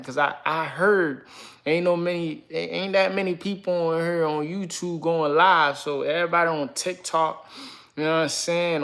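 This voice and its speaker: A man's voice: on the high side, fairly bright tone. A young man talking casually on a live stream, slangy and full of repeated filler phrases. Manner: slangy, repeats "you know what I'm saying". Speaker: livestreamer.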